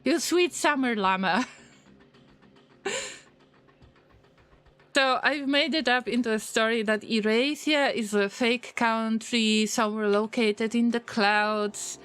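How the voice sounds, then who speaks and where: A woman's voice: on the high side, fairly bright tone. A woman streaming a game and chatting with her viewers in English, which is not her first language. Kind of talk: casual livestream chat while gaming.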